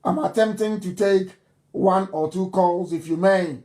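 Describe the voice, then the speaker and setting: A man's voice: sits high, unhurried, a little mellow. A Nigerian man hosting a live broadcast, speaking emphatically and repeating his points insistently. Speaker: broadcast host. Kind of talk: live radio broadcast address.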